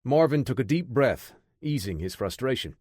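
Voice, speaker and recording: A man narrating an action audiobook in a steady, measured voice. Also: medium pitch, slightly rough, no room sound, clean studio sound.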